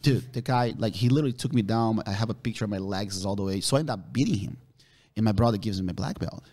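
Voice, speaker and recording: A man, a podcast guest, telling animated stories with free swearing. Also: lowish voice, fast talker. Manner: animated, swears freely, relives the moment. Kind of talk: casual storytelling.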